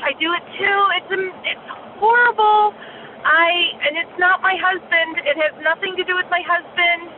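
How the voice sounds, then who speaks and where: A woman caller leaving a rambling voicemail, talking in an anxious, confessional way. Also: sits high. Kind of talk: voicemail message. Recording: tinny phone line with faint noise.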